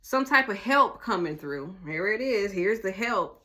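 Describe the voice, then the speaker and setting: Blunt, animated woman doing a tarot reading. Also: medium pitch, a little slow. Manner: animated, blunt, swears freely, talks straight to the viewer. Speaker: tarot reader. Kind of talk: casual tarot reading to viewers.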